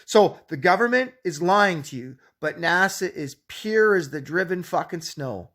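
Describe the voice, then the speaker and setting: A man's voice: fairly high pitch, animated, unhurried, fairly bright tone. Man in his forties, swearing angry rant. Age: 40s. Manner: swears constantly, blunt and combative. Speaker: YouTube channel owner.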